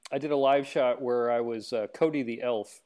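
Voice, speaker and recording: A man's voice: medium pitch, moderate pace. A man hosting a casual chat, telling funny stories and imitating the people in them. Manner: lively anecdote telling, imitating voices. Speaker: host.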